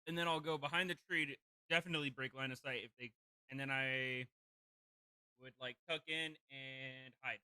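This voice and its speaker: A man playing a tabletop game, eager and quick to change his mind. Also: mid-range voice, fairly even intonation, sharp tone, clean tone, no room sound. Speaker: player.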